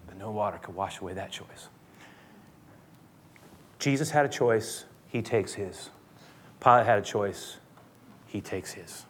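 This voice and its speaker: A man preaching a sermon, retelling a story dramatically and swinging between loud and hushed speech. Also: fairly low pitch, a little slow, pauses often, a little hiss or hum. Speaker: pastor.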